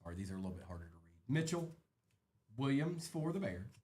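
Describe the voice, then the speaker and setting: A man's voice: medium pitch, sing-song, quick pace, darkish tone. A man hosting a live card break, chatting casually and rattling off names as he opens packs.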